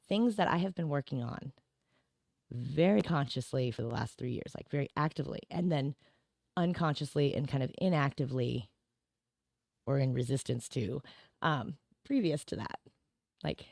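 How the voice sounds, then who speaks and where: Low-voiced woman, rambling casual chat. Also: expressive, moderate pace, creaky, darkish tone, no room sound, studio quality. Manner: rambling, many "like"s and "right?", frequent laughs. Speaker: podcast guest.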